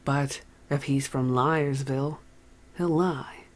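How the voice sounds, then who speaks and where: The audiobook narrator voicing a blunt ex-convict man who talks in riddles, in a calm, measured way. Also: medium pitch, natural voice.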